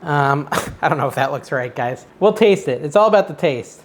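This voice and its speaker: A man's voice: a little high, lively intonation, moderate pace, slight background noise. A man hosting a casual cooking vlog from his kitchen, chatting as he cooks in an unsure, self-deprecating way. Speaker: cooking show host.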